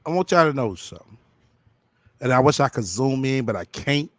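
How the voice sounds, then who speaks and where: A man gives blunt, profane reaction commentary, talking straight at his viewers. His pitch sits in the middle but swings widely as he speaks. The sound is dry and close, with no room around it. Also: expressive, a little fast, no room sound. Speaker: commentary streamer.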